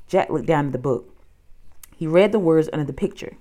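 A woman narrating a children's audiobook with an expressive storytelling delivery. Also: deep voice, brisk, pauses often.

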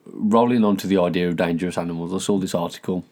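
Deep-voiced man telling a story. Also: steady tone, fast, darkish tone. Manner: laid-back storytelling, chuckles often. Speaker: podcast co-host. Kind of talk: casual chat.

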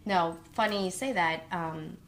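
Animated woman telling classroom stories. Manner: animated storyteller, quick rises in pitch. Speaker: kindergarten teacher. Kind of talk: casual conversation.

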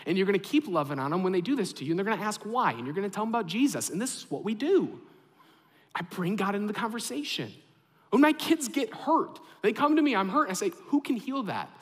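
A man in his thirties, a pastor giving a sermon in an animated, conversational way, asking the congregation questions. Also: high-pitched, long reverb tail.

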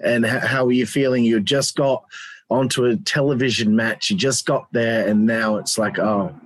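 A man's voice: medium pitch, steady tone, normal speed, poor audio. A man hosting a casual interview, asking long questions with many fillers. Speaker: interviewer, podcast host.

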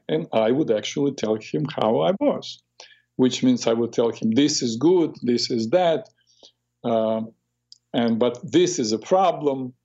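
A middle-aged man hosting a talk show on the mind, telling a reflective story in a halting way with many restarts. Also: mid-range voice, darkish tone. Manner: halting, with frequent restarts and self-corrections. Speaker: radio host, therapist. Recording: dull lo-fi radio audio.

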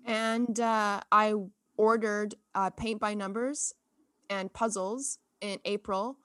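A woman's voice: mid-range voice, fairly even intonation, slow pace, a bit bright, no echo, clean studio sound. A woman in her thirties co-hosting a podcast, chatting casually and laughing at herself as she teases her friend. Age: 30s. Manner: giggly, teasing, self-mocking. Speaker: podcast co-host. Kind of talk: casual chat.

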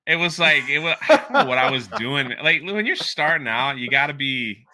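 A young man telling a story as a guest in a casual interview, animated and laughing, with plenty of filler words. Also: medium pitch, normal speed.

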